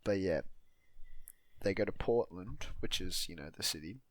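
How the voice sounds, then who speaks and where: Deep-voiced man in casual chat. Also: normal speed, no room sound. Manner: rambling, loose retelling with fillers and swearing. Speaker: podcast co-host recapping a film.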